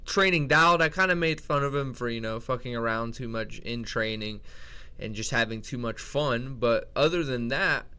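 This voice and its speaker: A man's voice: mid-range voice, normal speed, sharp tone, smooth. A young man giving casual, profane, rambling commentary as a vlogger, often incredulous. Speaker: MMA tier list vlogger.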